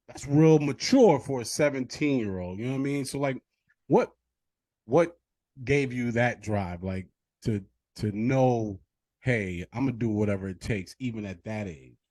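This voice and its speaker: A man hosts a laid-back interview with a lively, playful delivery. He speaks at a middle pitch and turns to his viewers with casual, slangy asides. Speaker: interview host.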